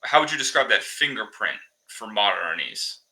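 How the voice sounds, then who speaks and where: A man hosting a podcast, asking measured, careful questions in an interview. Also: lowish voice, very animated, sharp tone, rough recording. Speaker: podcast host.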